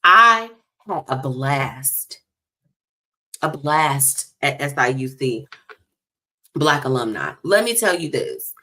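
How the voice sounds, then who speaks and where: A woman hosting a radio talk show, chatting in a lively, casual way and speaking straight to her listeners. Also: a bass voice. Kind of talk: casual chat segment.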